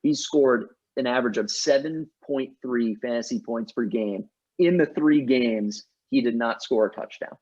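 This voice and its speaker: A man's voice: medium pitch, measured pace, darkish tone. A man co-hosting a sports podcast, arguing his picks emphatically in casual chat. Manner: emphatic, argues his picks with many restarts. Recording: dull lo-fi audio.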